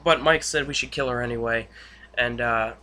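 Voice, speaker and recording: A man's voice: medium pitch, fairly even intonation, normal speed, sharp tone. A young man recapping a TV episode in casual, rambling speech with many fillers and restarts. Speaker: YouTube reviewer.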